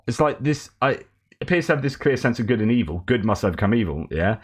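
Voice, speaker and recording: A man's voice: mid-range voice, expressive, fast, slightly rough. A man hosting a news commentary show, talking in a wry, sarcastic way. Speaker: host.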